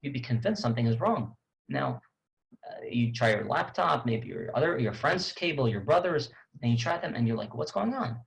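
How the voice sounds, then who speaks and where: A man with a gravelly, creaky voice at an ordinary middle pitch tells a story as a tour guide. His talk is halting, full of restarts and repeated words, but it stays lively and conversational. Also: slight background noise, low-quality recording. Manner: conversational, animated retelling.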